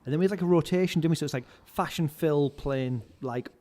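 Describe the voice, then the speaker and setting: A man's voice: a little high, fast, warm tone. Rambling man with long reverb. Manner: rambling storyteller, heavy use of "like". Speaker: podcast guest, live music stage manager. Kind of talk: casual anecdotal chat. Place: indoors, podcast recording. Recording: reverberant room with long echo.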